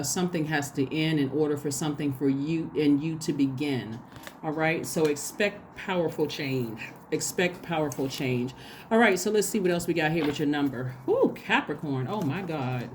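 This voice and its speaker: A woman giving a casual spoken tarot reading, chatty and excitable, talking straight to her viewers. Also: deep voice, moderate pace, a little hiss or hum. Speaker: tarot reader.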